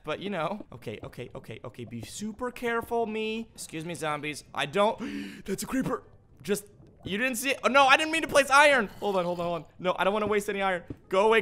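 A man giving casual gameplay commentary as a gaming host. He is playful and jokey, chats to the animals in the game, and sounds slightly hoarse. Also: high voice, a bit bright.

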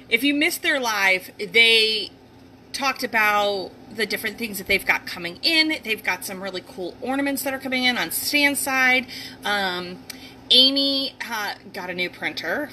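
A middle-aged Northeastern US woman hosts a casual livestream from home, near a heater and her dogs, rambling and greeting viewers by name. Her medium-pitched voice sounds pushed and bright. The audio is poor, with slight background noise.

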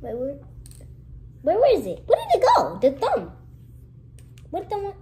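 Lively young woman vlogging, pitch jumping. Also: unhurried, poor audio. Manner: lively, switches to hushed whispers when nervous. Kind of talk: casual vlog chat to camera.

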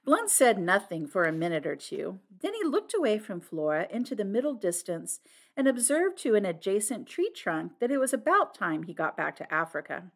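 Woman narrating with lively expression. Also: mid-range voice, moderate pace. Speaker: audiobook narrator. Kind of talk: scripted audiobook narration.

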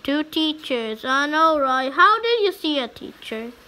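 A woman's voice: sits high, sing-song, a little slow, sharp tone. A woman gamer giving chatty, exclaiming, slangy commentary as she plays. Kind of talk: casual let's-play commentary.

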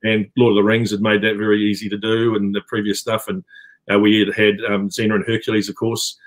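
A man's voice: on the low side, little pitch movement, brisk. A middle-aged man with a New Zealand accent, talking casually on a video call with many fillers and restarts. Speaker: actor guest. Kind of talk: casual interview chat.

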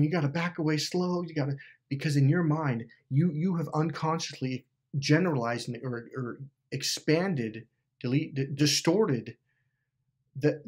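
A man talks straight to his viewers in an emphatic rant, swearing freely and repeating words for force. His voice is husky, with a middling pitch. He sounds casual and unscripted. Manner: profane, emphatic, repeats himself. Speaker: YouTuber.

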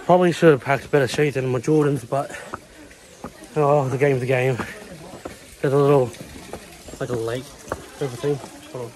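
In his twenties, this vlogger films a casual chat to camera on a handheld phone while climbing long shrine stairways outdoors, out of breath, sweating, rambling and swearing often. His medium-pitched voice is steady and a little mellow, at normal speed with long pauses. A slight hiss or hum runs under the audio.

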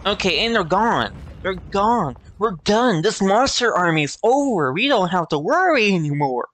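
A man giving casual gameplay commentary in a let's play, animated and playfully complaining. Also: high voice, moderate pace, dry recording, soft background music.

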